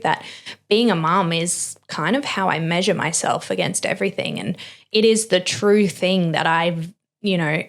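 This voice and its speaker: Emotional young woman. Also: on the low side. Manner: earnest and heartfelt, many "like" and "you know" fillers. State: emotional, close to tears. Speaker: podcast host. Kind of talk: personal reflective monologue.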